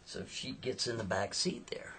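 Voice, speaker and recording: A man's voice: lowish voice, moderate pace, pushed and bright, husky. A man telling a spooky story in a chatty, casual way, checking in with the listener. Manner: chatty, asks listeners "right?".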